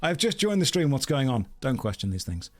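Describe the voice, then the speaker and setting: A man's voice: medium pitch, very animated, a little fast, slight background noise. A man streaming a video game, chatting playfully with viewers in casual commentary.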